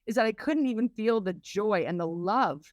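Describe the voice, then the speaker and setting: A woman coach being interviewed on a podcast, talking in a lively way and acting out quoted voices. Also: mid-range voice, moderate pace, no room sound. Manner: lively and animated, acts out quotes in raised voices. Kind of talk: conversational interview.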